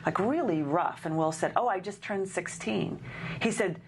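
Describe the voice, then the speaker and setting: A middle-aged woman telling a personal story in casual conversation, acting out the dialogue with animated shifts in her voice. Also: moderate pace, a little hiss or hum. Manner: animated, acts out dialogue with rising pitch.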